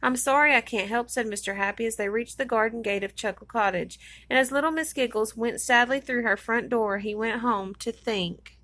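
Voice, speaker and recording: A woman reading a children's storybook aloud in an expressive way. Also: a little high, moderate pace, hardly any pauses.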